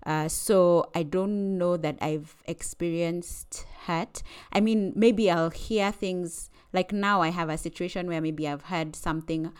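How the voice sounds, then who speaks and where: A woman co-hosting a podcast who talks in a thoughtful, hesitant way, pausing with fillers as she reflects. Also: on the low side, steady tone, darkish tone, clean tone. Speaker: podcast co-host. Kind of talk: casual chat.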